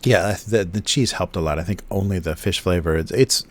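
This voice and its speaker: A man's voice: low voice, brisk. A man hosting a casual drawing livestream, rambling through explanations with lots of fillers and restarts, close to a desk mic at home. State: chewing food near the mic. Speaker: livestream host, cartoonist. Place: home studio in Japan.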